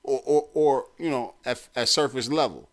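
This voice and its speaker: A man's voice: mid-range voice, normal speed. A man hosting a talk show, giving blunt, streetwise advice and repeating his points for emphasis. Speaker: podcast host.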